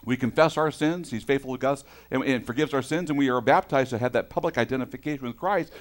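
A man's voice: mid-range voice, fast. Chatty, self-mocking male preacher. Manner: animated storytelling, chatty and self-deprecating. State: out of breath. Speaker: pastor. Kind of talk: sermon with personal stories.

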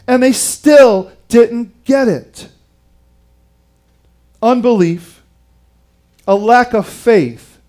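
Male pastor, high-pitched, dramatic sermon delivery with hushed emphasis. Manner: dramatic dynamics, dropping to hushed tones for emphasis; asks the audience questions.

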